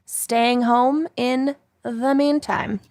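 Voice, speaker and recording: A woman's voice: fairly high pitch, steady tone, very slow, a little mellow, no room sound, studio quality. A woman co-hosting a podcast in casual chat, giggly and upbeat. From Minnesota. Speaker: podcast co-host.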